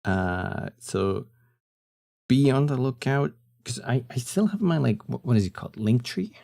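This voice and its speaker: A young man chatting casually on a live stream, with a deep, husky morning voice and a laid-back way of talking, often trailing off with fillers. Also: animated, measured pace, a little mellow.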